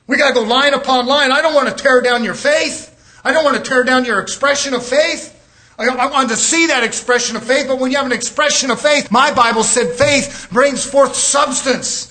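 A man preaching a fiery sermon, shouting and driving his points home with rising intensity. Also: very high voice.

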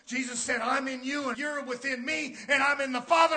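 A high-pitched man preaching a fervent sermon, his voice bright and piercing. He shouts out his points with passion, then drops into low, quiet asides. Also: steady tone, fairly quick, few pauses. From United States.

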